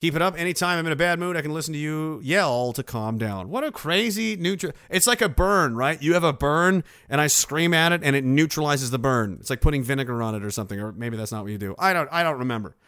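A man's voice: a little high, animated, quick pace, few pauses, a bit bright, clear, resonant tone, no room sound. Sarcastic ranting man, dry close sound. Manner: sarcastic, ranting, swears freely. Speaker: livestream host reading viewer donations. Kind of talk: casual livestream commentary.

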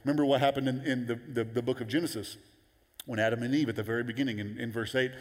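A man preaching a sermon as pastor, animated and conversational, jumping into high excited voices when quoting. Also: fast talker. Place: large church auditorium. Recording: long hall reverb.

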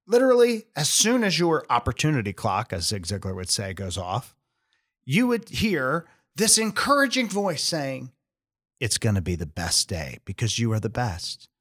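A man's voice: mid-range voice, a bit bright. A middle-aged man hosting a podcast, giving an earnest, emphatic motivational talk. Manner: earnest, emphatic, building up encouraging scenarios. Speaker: podcast host.

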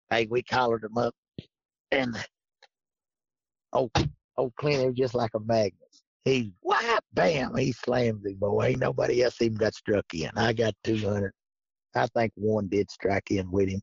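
A man's voice: on the low side, measured pace, gravelly, breathy edge, no echo. A man telling a rambling, folksy hunting story and acting out what each person said, on a dull lo-fi recording. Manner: folksy, rambling, acts out quoted dialogue. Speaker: guest telling hunting stories. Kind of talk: casual storytelling. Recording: dull lo-fi sound.

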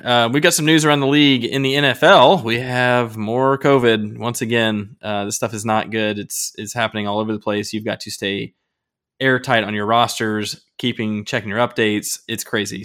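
A man's voice: fairly low pitch, steady tone, moderate pace, a bit bright. A man co-hosting a podcast, chatting casually in a laid-back way and laughing often. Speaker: podcast co-host. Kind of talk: casual chat.

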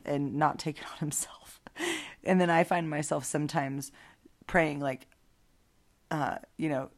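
A woman's voice: low-pitched, normal speed. A woman hosting a casual Bible storytelling podcast, chatty and digressive, with frequent asides. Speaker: podcast host.

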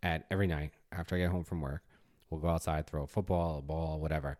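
Speaking quickly in an extremely low voice, this fortysomething co-host of a fatherhood podcast is an animated storyteller. In casual chat, he reenacts the scolding he gave.

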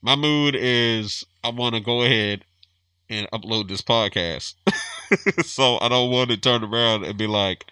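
A man's voice: medium pitch, a little slow, pushed and bright, clear, resonant tone, no echo. A man hosting a podcast, chatting casually in a laid-back, wry way. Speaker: podcast host. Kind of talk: casual chat.

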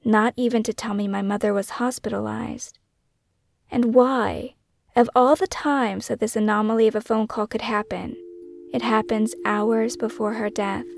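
Hosting her own true-crime memoir podcast, a woman narrates in a measured, brooding way, weighing one question after another. Her voice is a little high and gravelly, with a darkish tone.

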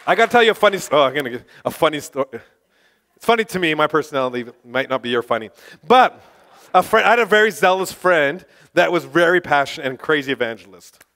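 High-voiced, passionate male preacher. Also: quick pace, a faint crowd. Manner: passionate, excitable, bursts of shouting. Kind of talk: sermon testimony storytelling.

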